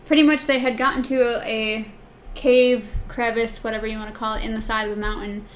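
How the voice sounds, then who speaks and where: A woman co-hosting a casual book discussion podcast, chatty and reading passages aloud in a softer voice. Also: level tone, a little fast, slight background noise. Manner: chatty, reads quotes in a soft low voice. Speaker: podcast co-host.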